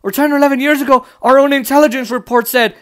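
A man's voice: very high voice, steady tone, fast, a bit bright. A man from the United States giving heated, sarcastic political commentary, swearing often as he rants.

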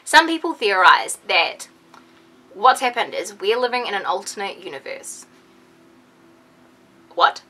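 Bright, excitable young woman vlogger. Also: medium pitch, measured pace, long pauses. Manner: excitable, animated, lots of "like". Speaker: beauty vlogger. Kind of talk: casual chatty vlog.

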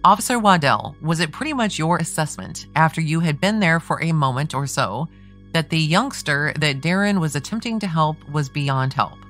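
A woman's voice: sits low, expressive, moderate pace, a bit bright, soft background music. A woman reading a pressing male defense attorney. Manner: pressing, leading questions with tag questions. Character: persistent male defense attorney cross-examining. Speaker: true crime podcast host. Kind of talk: reading a trial transcript aloud.

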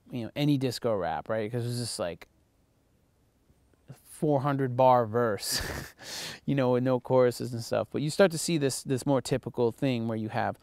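A man's voice: medium pitch, gravelly, darkish tone, no echo. A man giving a casual recorded lecture as a college instructor, loose and profane, with lots of fillers.

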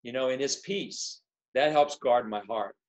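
A man's voice: medium pitch, a little slow. A man, a pastor, speaking earnestly over a video call, often repeating words and restarting phrases. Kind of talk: casual video-call conversation.

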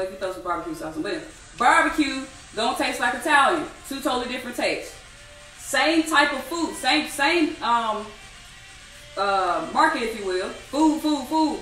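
A woman teaching a live online trading class, animated and repetitive, asking the audience many rhetorical questions. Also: high voice, echoey room, far from the mic, low-quality recording. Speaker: trading instructor.

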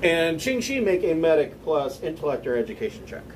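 A man's voice: fairly high pitch, big pitch swings, brisk, recorded from a distance, noisy background. A man narrating a tabletop game as game master, hesitant, with many fillers and restarts.

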